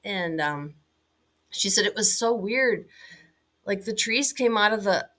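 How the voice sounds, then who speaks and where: A middle-aged woman recounting a hunting trip as an interview guest, animated and full of "like"s and fillers. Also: medium pitch, measured pace. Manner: animated, many fillers and "like"s, laughing now and then. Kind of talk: casual storytelling.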